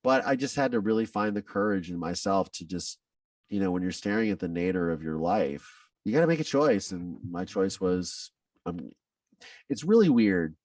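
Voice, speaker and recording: A man's voice: sits low, expressive, normal speed, a little mellow, dry recording, studio quality, recorded from a distance. A man who is a podcast guest tells his own story candidly, with intense, blunt talk and frequent swearing.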